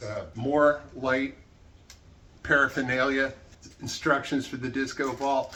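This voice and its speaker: A man talking casually to his viewers while clearing out clutter, rambling and self-mocking, swearing as he gets worked up. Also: mid-range voice, steady tone, a little slow, long pauses, pushed and bright, a little hiss or hum. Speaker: vlogger. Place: cluttered room indoors.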